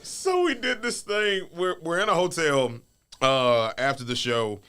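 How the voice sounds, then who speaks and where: A man telling stories as a guest on a casual podcast, animated and casually swearing. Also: a little high, measured pace, clean tone. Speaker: wrestler guest.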